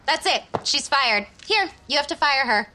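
A woman's voice: sits high, animated, unhurried, pushed and bright, exaggerated voice. An actress playing a prim, bossy young businesswoman in a sitcom, exasperated and commanding. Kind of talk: sitcom acting.

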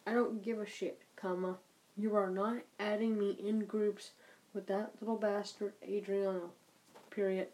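A woman dictates an angry, profanity-filled message, speaking each comma and period aloud. She talks slowly, in a mellow, darker tone, at night in her bedroom. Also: medium pitch, flat delivery, rough recording.

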